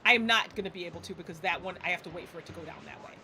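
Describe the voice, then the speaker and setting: A woman's voice: lowish voice, very fast, pushed and bright, a little hiss or hum. A woman around forty giving casual live gameplay commentary as a streamer, exasperated and swearing freely.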